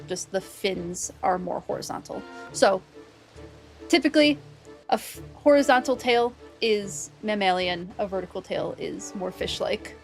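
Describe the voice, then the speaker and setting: A woman streamer and biologist chatting casually while playing a game, explaining with enthusiasm and laughing often. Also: medium pitch. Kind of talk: casual game-play commentary.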